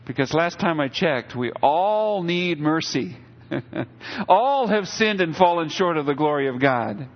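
A middle-aged male pastor preaching with a slightly high voice. He talks to the congregation in a loose, conversational way and acts out bits of dialogue. The sound is dull and lo-fi. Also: lively intonation, a little slow. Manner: conversational preaching with acted-out quotes. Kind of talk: sermon.

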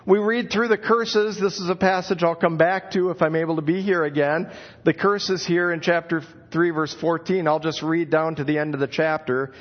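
Man, middle-aged, preacher, sermon, expressive storytelling, slightly high voice, dull lo-fi recording. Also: moderate pace. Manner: expressive storytelling, acts out calls of "where are you". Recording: dull lo-fi sound.

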